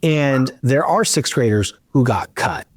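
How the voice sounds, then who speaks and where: A man's voice: mid-range voice, unhurried, dry recording. A middle-aged man hosting a podcast, telling a long story in a casual chat and acting out the dialogue. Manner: animated, acts out dialogue in his storytelling. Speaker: podcast host.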